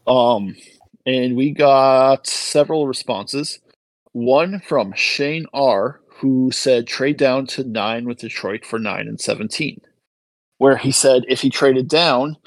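This medium-pitched man co-hosts a casual hockey podcast, reading listener posts aloud and analyzing trades in detail. The recording is dry and rough.

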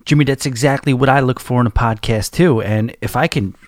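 A man's voice: mid-range voice, a little fast, dry recording, studio quality. A man in his forties with a New York accent, hosting a podcast and rambling through a casual story with many restarts. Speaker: podcast host.

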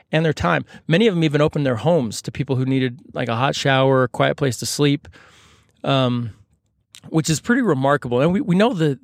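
A man with a gravelly, creaky voice tells a story casually, cracking jokes as he goes. He rambles and corrects himself often, and the room around him sounds dry and close. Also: mid-range voice, no echo. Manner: rambling, joking, many fillers and self-corrections.

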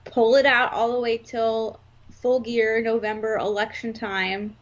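A woman in a casual podcast chat about wrestling, talking in an animated, rambling, jokey way. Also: on the high side, a little slow. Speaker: podcast co-host. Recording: slightly dull lo-fi sound.

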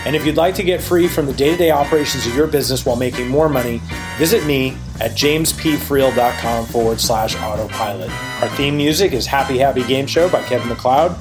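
A man's voice: mid-range voice, brisk, over music. A man hosting a podcast, upbeat as he wraps up the episode with a sign-off. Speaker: podcast host. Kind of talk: casual chat and scripted outro.

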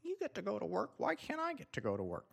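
A man putting on a high, whiny voice to mock an angry woman protester. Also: wildly swooping pitch, fast talker, vocal fry, slightly rough, full character voice. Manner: mocking high squeal. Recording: long reverb.

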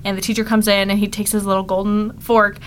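A woman's voice: medium pitch, little pitch movement, quick pace, a little hiss or hum. A young woman co-hosting a podcast, casually retelling episode plots with frequent giggles and filler words. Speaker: podcast co-host. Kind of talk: casual chat recapping episodes.

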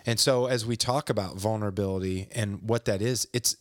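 A man talking earnestly about faith, reading a passage aloud and then reflecting on it in measured phrases. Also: on the low side, fairly even intonation, no room sound, studio quality. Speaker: podcast co-host. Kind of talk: faith-based reflective talk.

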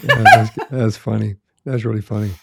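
A man's voice: lowish voice, fairly even intonation, normal speed, creaky, heavy background noise. A man hosting an interview, a former police officer who asks long questions with restarts and repeated words. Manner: hesitant, repeats words while asking. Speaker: podcast host, former law enforcement officer.

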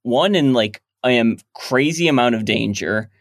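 A man's voice: medium pitch, expressive, measured pace, no room sound, studio quality. A man being interviewed on a podcast about his work, explaining his ideas at length in casual chat. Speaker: guest comic creator.

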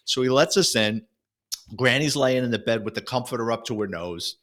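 Animated New ex-cop telling stories. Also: male voice, medium pitch, moderate pace. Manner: animated storyteller acting out quoted lines. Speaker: former police officer. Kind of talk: casual storytelling chat.

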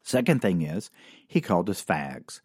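A man's voice: low voice, very animated, unhurried, darkish tone, slightly rough, dry recording. A middle-aged man from Oklahoma, telling a funny story from his own life in a wry, casual way with dry asides and lots of fillers. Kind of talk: comedic personal storytelling.

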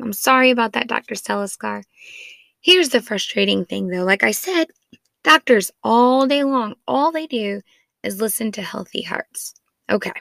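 A woman in her thirties, a mother of four, tells a family story on a casual storytelling podcast, chatty, rambling and self-deprecating, saying "like" a lot. Her voice is fairly high, gravelly and a bit bright, with no echo.

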